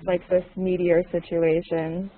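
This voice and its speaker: A woman's voice: on the low side, flat delivery, a little slow, a little hiss or hum. A woman teaching an online English class, patiently repeating her questions and explaining new words to her students. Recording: tinny phone-like audio.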